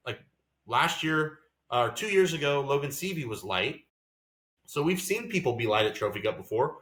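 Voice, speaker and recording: A man's voice: medium pitch, lively intonation, normal speed, a bit bright. Heated, swearing man in an echoey room. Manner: heated, profane rant. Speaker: podcast co-host and racing driver. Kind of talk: casual podcast chat.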